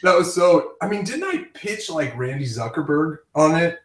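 A man's voice: a little high, big pitch swings, moderate pace. A man hosting a casual chat, telling rambling stories with frequent laughs. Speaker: podcast host. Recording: roomy, distant from the mic.

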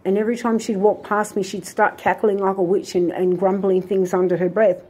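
A woman's voice: medium pitch, level tone, fairly quick, a little mellow, husky. A woman vlogging, telling a long, aggrieved story full of fillers and restarts. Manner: aggrieved, indignant retelling with many fillers and restarts. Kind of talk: rambling personal storytelling.

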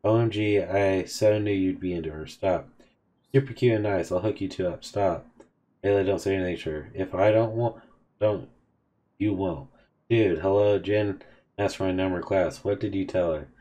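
A man's voice: deep voice, moderate pace, warm tone. A man hosting a game video, casually reading out a chat of text messages between characters. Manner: casual, offhand reading of both sides of a chat. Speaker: gaming video host.

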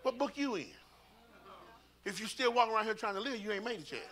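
A man leads a church Sunday school class in a preaching style, with a bright, ringing tone. His pitch sits high and swoops all over. He repeats words and breaks into sudden shouts. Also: animated, fast talker.

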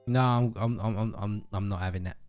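A man's voice: lowish voice, brisk, muffled recording, over music. A man chatting casually and boasting playfully while playing a drawing game with his partner. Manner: playful, boastful, lively banter. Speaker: gaming video co-host. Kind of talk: casual gameplay chat.

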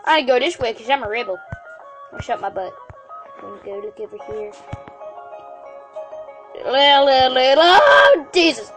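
A woman hosting a casual gameplay video, excitable, often exclaiming and stammering as she plays. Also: on the high side, moderate pace, long pauses, faint music behind. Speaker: game channel host.

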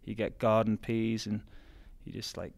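With a creaky, fairly low voice at a moderate pace, a young adult college runner from Newcastle, England, chats casually in a Geordie accent. He's an easygoing interview guest who uses many fillers such as "like" and "um."

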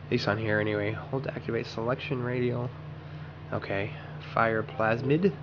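A man's voice: mid-range voice, moderate pace, highs cut off, noisy background. A man hosting a gaming channel, chatting casually and rambling to himself while he plays. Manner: rambling, self-talking while playing. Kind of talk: casual gameplay commentary.

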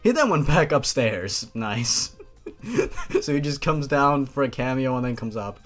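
A man's voice: medium pitch, animated, a little slow. A man giving a comedic dramatic reading and giggling at his own asides. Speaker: comedic fanfic reader.

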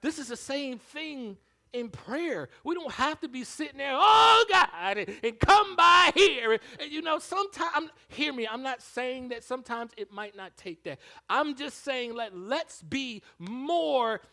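Bright, high-voiced pastor preaching. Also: male voice, a little slow. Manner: animated preaching, swings from hushed to shouting. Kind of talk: sermon.

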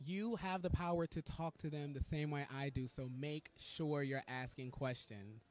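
A man with a slightly high voice hosts live coverage from an indoor red carpet. He talks in a gushing, excitable and campy way. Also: moderate pace.

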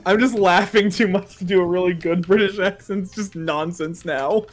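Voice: medium pitch, moderate pace. Game streamer riffing with friends, cursing, keyboard clacking in the background. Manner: laughing, loose, swears a lot. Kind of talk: casual chat while gaming.

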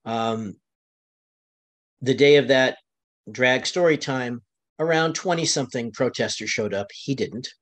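An American man on a webinar panel, retelling events conversationally, his voice climbing high when he quotes others, with frequent restarts. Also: a little slow, pauses often. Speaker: panel guest, county LGBTQ commissioner.

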